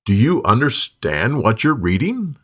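A man voicing a calm male preacher asking and explaining gently. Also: mid-range voice, unhurried.

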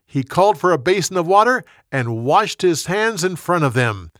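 Expressive male Bible storyteller. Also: high voice, normal speed, no echo, studio quality. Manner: expressive, dramatic reading. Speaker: narrator. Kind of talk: scripted storytelling.

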